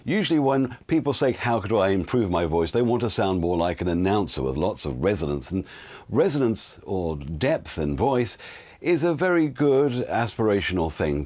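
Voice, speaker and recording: A man's voice: low-pitched, darkish tone. An older man, a voiceover teacher, giving casual spoken tips with frequent fillers. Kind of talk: casual instructional talk.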